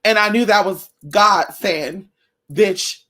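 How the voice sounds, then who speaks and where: Animated, profane woman telling her story. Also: lowish voice, brisk. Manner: animated, blunt and profane, calls viewers y'all, girl and honey. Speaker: spiritual vlogger. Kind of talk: casual personal storytelling to viewers.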